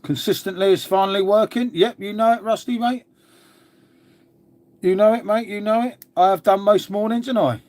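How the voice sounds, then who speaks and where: A man's voice: sits high, steady tone, normal speed, a little mellow. An English man chatting casually on a live stream, answering viewer comments in a laid-back way and calling everyone mate.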